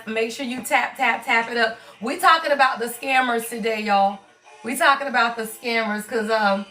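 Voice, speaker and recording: Woman, thirties, strained hoarse voice, bright tone, playful chatty tarot host, phone mic. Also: fairly high pitch, poor audio. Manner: chatty, playful, talks straight to her viewers. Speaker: tarot reader hosting a live stream. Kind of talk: casual live-stream chat.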